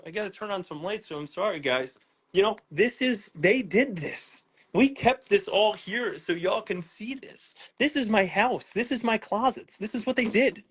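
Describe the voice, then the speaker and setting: A man's voice: sits high, fairly bright tone. A man, talking through his house in an emotional interview, upset and close to tears, repeating words, restarting sentences and swearing. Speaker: pet owner interviewed about a raid.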